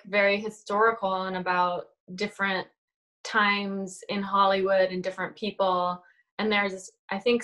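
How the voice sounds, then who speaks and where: A woman's voice: mid-range voice, a bit bright. A woman, an actress and producer, talking reflectively as a podcast guest with many fillers. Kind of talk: casual interview chat.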